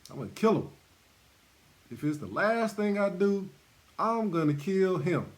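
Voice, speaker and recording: A vengeful grown man spits out blunt, emphatic threats against his brother, voiced by a male preacher. His pitch jumps around and stays lively throughout. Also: measured pace.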